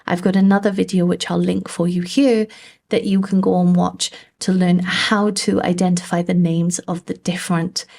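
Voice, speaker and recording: A woman with a British accent teaching a poetry lesson over a shared screen, patiently repeating lines slowly to show the stressed syllables. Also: on the low side, flat delivery, gravelly, a little mellow. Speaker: English teacher.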